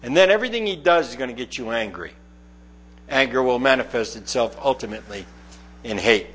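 A man's voice: medium pitch, lively intonation, fairly quick, a bit bright, husky. A middle-aged man preaching a conversational sermon, reading scripture aloud and explaining it verse by verse. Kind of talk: sermon, Bible teaching.

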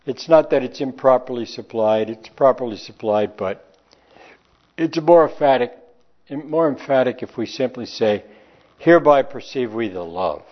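A man preaching a sermon, reading old-style scripture aloud and slowing down to stress key phrases. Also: mid-range voice, lively intonation, lo-fi sound.

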